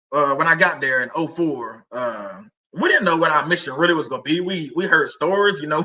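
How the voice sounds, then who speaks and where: Bright-voiced middle-aged man, rambling faith talk. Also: on the high side, dull audio. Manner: rambling, conversational, many fillers and restarts. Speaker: livestream host.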